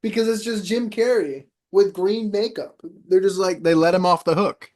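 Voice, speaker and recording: A young man in casual podcast chat, an animated storyteller who wanders into tangents. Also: high-pitched, moderate pace. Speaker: podcast co-host.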